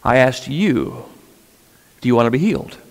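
A calm, compassionate Jesus who speaks in a soft, hushed voice, as a preacher plays him. The quiet words hang in the long reverb of a church hall. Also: male voice, mid-range voice, moderate pace, gravelly. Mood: gently firm.

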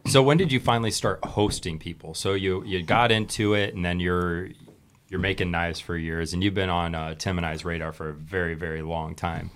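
Real deep voiced host guy, rambly questions full of uhs, faint hiss behind. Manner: meandering questions with many fillers. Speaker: podcast co-host. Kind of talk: casual interview chat.

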